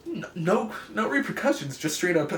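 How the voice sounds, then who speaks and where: A man's voice: high voice, very animated, moderate pace, fairly bright tone. A man casually talking through a comic book story, rambling, laughing often and correcting himself. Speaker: comic book video host. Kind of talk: casual comic review chat. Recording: echoey room, faint hiss.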